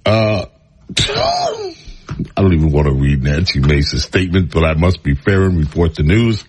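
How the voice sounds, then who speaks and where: A man's voice: rumbling low, brisk, darkish tone, husky. A man hosting a talk radio show, giving sarcastic, opinionated commentary on the news with frequent sighs and laughs.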